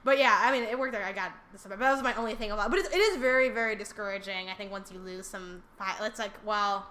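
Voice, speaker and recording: A woman's voice: medium pitch, fast, sharp tone, a little hiss or hum. A woman co-hosting a podcast in casual chat, talking in a chatty, rambling way. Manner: chatty, rambling with many fillers and restarts. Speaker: podcast co-host.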